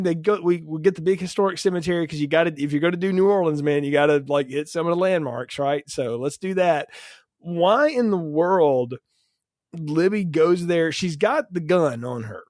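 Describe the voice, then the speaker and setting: A man co-hosting a film review podcast, chatting casually with frequent laughs and quick stories. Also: a little high, no echo, clean studio sound. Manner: animated, laughs often, tells anecdotes. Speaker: podcast co-host.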